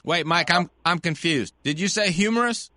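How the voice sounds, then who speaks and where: A man hosting a call-in sports medicine radio show, chatty and animated, explaining things to callers. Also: on the high side, normal speed, a little hiss or hum. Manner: animated, chatty, laughs easily.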